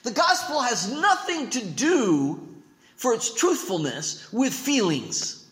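High-pitched preaching man, echoey room. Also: big pitch swings, slow pace. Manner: preaching with wide swings from booming to hushed. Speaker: pastor. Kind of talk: sermon.

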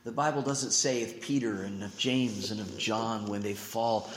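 A man preaching a sermon as pastor, swinging from emphatic declarations to hushed, slow asides. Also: lowish voice, steady tone, echoey room, a little hiss or hum.

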